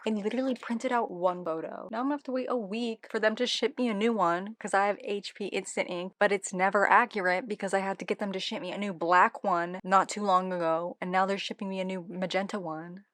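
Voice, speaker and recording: A young woman in casual vlog chat, chatty and quick to get excited or exasperated. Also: mid-range voice. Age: young adult. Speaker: vlogger.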